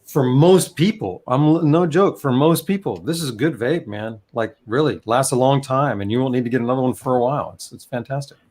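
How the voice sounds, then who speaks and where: A man co-hosting a casual chat, talking in a relaxed, candid way and often asking "you know what I mean". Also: mid-range voice, a little fast, hardly any pauses. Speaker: co-host and vape reviewer.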